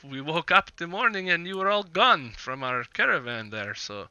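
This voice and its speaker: A man voicing a jovial, smooth-talking male caravan leader with hearty greetings. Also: on the high side, sing-song, normal speed, bright, forceful tone, dry recording, lo-fi sound, pitched above the performer's own voice, full character voice. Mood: friendly.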